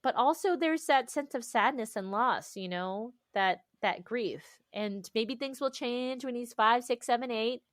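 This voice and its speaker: A woman guest talking candidly about motherhood, telling animated stories, acting out her own inner voice and laughing often. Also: on the high side, unhurried, few pauses, dry recording, clean studio sound. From United States. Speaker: guest author. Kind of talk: candid conversational interview.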